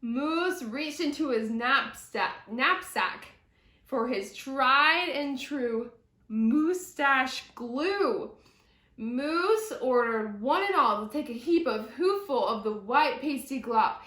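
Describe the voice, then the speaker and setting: A woman reads a children's picture book aloud with slow, deliberate pacing and an expressive storytelling lilt. Her voice sits a little on the high side, and the recording carries noticeable echo from the room. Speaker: storybook reader. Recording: echoey room.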